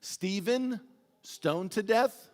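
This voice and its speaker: A man preaching a sermon as pastor, telling animated, humorous stories with big swings in his voice. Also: high-pitched, very slow. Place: church sanctuary. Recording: long church-hall reverb.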